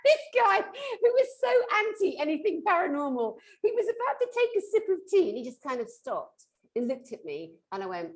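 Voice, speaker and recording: Animated woman telling a story. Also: high voice, normal speed, low-quality recording. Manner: lively, expressive, swings between loud and hushed. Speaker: conference panelist.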